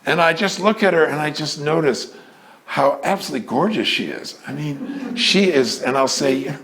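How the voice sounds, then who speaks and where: An older man in a casual storytelling talk, animated, often acting out the people in his stories. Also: a little high, normal speed. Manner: animated, acts out voices in quotes.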